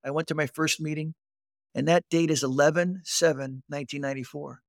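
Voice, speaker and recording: A man in his fifties telling his life story as an interview guest, animated and addressing the host directly. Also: a little high, fairly quick, vocal fry, no room sound, studio quality. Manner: animated storyteller who acts out quoted voices and keeps addressing the host. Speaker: guest recounting his recovery.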